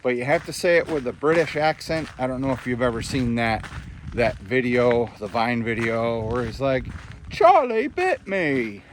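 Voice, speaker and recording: A man's voice: mid-range voice, normal speed, slight background noise. A man narrating a casual hiking vlog outdoors on a park trail, chatting to viewers as he walks. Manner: relaxed, chatty, talks to viewers while hiking. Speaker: hiking vlogger.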